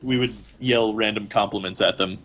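A man's voice: fairly low pitch, fairly even intonation, normal speed, a bit bright, poor audio. A young man co-hosting a podcast, telling rambling stories full of restarts and giggles. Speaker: podcast co-host. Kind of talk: casual chat over a card game.

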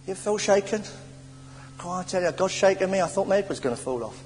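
English preacher guy, high voice, stammery storytelling sermon, long church echo. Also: fast talker. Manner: animated storytelling with stammers and sighs. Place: church hall. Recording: old church sermon tape in a reverberant hall with faint hiss.

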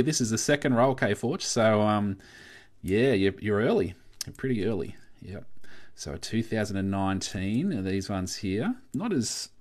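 A man with an Australian accent hosting a casual coin collecting livestream, chatting in a relaxed way and reading out viewer comments. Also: on the low side. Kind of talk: casual live-stream chat.

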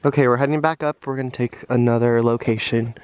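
A man on a cold outdoor trip talks casually straight into his handheld camera, a little shivery and easygoing. His voice sits in a middling range. Steady outdoor noise and passing cars run under everything. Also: medium pitch, fast. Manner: chatty, talking to camera. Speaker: vlogger. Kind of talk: casual travel vlog. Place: outdoors in a snowy national park.

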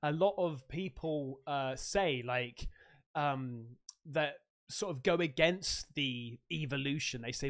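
A man's voice: a little high, slow pace, a bit bright. Jokey man hosting, calling people mate. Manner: jokey, laughing, calls everyone mate. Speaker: host. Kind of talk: casual chat.

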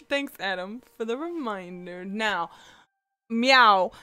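A woman's voice: mid-range voice, slow, pushed and bright, clear, resonant tone. A woman streamer chatting casually with her viewers, giggling and throwing meows between her sentences. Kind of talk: casual livestream chat.

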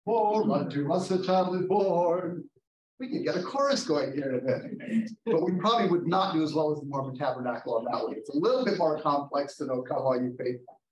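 A man leading an interactive Bible study, reading scripture slowly and putting questions to his class. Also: on the high side, lively intonation, lo-fi sound. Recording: roomy, distant mic, faint noise.

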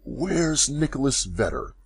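Male narrator doing a dismayed old storybook wanderer, humble, pitched up and pleading. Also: very animated, takes it slowly, breathy edge, heavily acted. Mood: anxious. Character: bewildered ragged old man, humble and dismayed.

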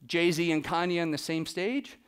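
A man giving a live, animated storytelling talk to an audience as a photographer, acting out the people he quotes by dropping his voice. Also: on the high side, moderate pace, smooth. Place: presentation room with a live audience.

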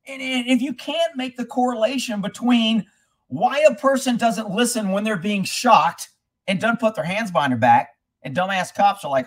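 A man's voice: high-pitched, lively intonation, moderate pace. A man hosting a live stream about horses, ranting bluntly and swearing freely, then reading viewer comments aloud. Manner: reads viewer comments aloud between rants. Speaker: livestream host answering horse questions. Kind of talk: casual live-stream rant.

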